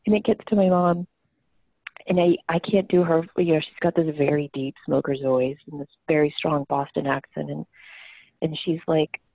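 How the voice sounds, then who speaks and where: Candid woman storyteller, lowish voice, dry phone-line sound. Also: steady tone, normal speed, dry recording. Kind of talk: casual conversation.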